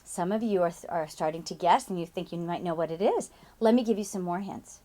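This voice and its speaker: A woman's voice: fairly low pitch, a little fast, mellow. A woman teacher explaining and demonstrating a classroom game with playful, dramatic sound effects and a sing-song manner.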